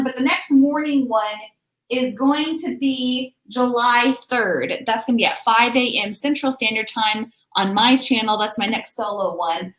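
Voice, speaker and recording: A young woman hosting a writing livestream, chatting casually and bubbly with viewers. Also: a little high. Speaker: writing channel host. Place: home room. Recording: echoey room.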